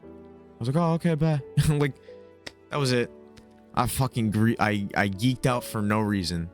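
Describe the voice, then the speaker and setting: A young man with a very low, deep voice tells a casual, comic story, rambling and swearing freely and packing his sentences with fillers. Faint music sits quietly behind him. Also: lively intonation, a little slow. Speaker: storyteller, video host. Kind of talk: casual comedic trip story.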